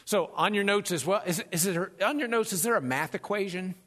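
A man preaching a sermon as pastor, animated and conversational, joking and acting out the voices of people in his stories. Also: sits high, fairly quick. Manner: animated, conversational, jokes and acts out quotes.

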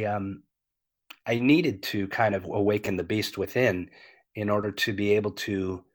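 A man in his fifties talking candidly as an interview guest, earnest and animated, filling with "you know" and swearing freely. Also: lowish voice.

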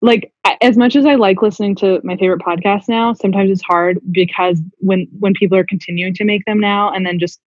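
Brief: woman co-host, mid pitch, rambly casual chat, muffled dry recording. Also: fairly even intonation, brisk, few pauses, dry recording. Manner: rambling, many fillers and restarts. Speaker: podcast co-host.

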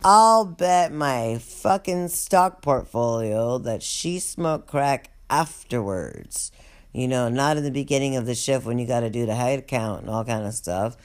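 A casual storyteller rambling through a comic memory, swearing freely and stretching out the asides. The voice is smooth and clear, at a middling pitch. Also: lively intonation, unhurried. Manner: profane, rambling, drawling asides.

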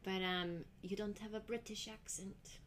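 A woman's voice: medium pitch, steady tone, measured pace, a crowd in the background. A woman co-hosting a podcast, asking questions in a playful, teasing way. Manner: playful, teasing, laughs often. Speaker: podcast co-host. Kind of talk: casual podcast chat.

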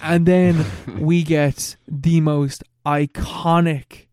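A man's voice: a little high, flat delivery, a little mellow, clean tone. Rambling man recapping a film. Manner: rambling, laughing, swearing, fast storytelling. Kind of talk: casual chat recapping a film.

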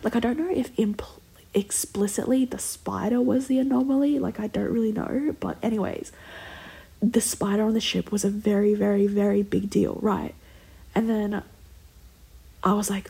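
A young woman telling a long personal story in a casual, rambling way, full of "like" fillers and slipping into soft whispers. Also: medium pitch, fairly even intonation, normal speed, gravelly, slightly rough.

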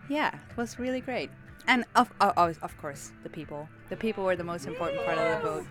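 A woman's voice: mid-range voice, very animated, a little fast, fairly bright tone. Laid-back woman, music behind. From Netherlands. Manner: laid-back, listing things. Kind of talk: casual interview answer.

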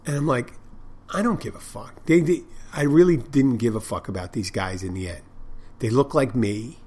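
A man's voice: mid-range voice, lively intonation, moderate pace, mellow. A man with an ordinary mid-range voice tells stories from behind the bar in a loose, meandering monologue. He swears freely and often circles back to restart his sentences. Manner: rambling, profane, with many restarts. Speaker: bartender and podcast host. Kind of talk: casual storytelling monologue.

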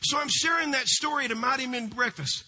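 A middle-aged man, a pastor, preaching a sermon in a large church, with fervent swings between loud cries and hushed storytelling. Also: extremely high pitch, brisk, slightly rough.

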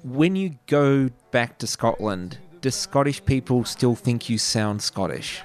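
A man's voice: mid-range voice, expressive, measured pace, a little mellow. A man hosting a podcast interview, asking questions in a conversational, curious way. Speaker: podcast host. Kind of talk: casual interview chat.

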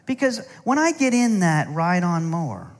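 Middle-aged pastor, joking storyteller sermon, lightly raised pitch, reverberant hall. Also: male voice, sing-song, normal speed. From United States. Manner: storytelling with humor and asides.

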